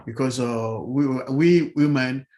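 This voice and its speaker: A man presenting on a webinar over a video call, halting, with many fillers and restarts. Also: medium pitch, a little mellow. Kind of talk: online presentation.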